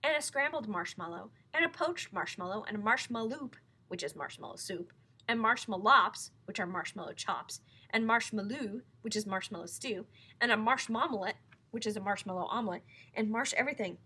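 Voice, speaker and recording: A woman reading a children's book aloud in a playful, expressive way. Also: medium pitch, moderate pace, husky. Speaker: narrator.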